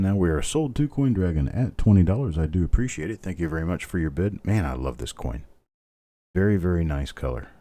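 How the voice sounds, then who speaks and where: A man's voice: low voice, mellow, dry recording. A middle-aged man hosting a live online coin auction, calling bids steadily and chatting between lots. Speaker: auctioneer host.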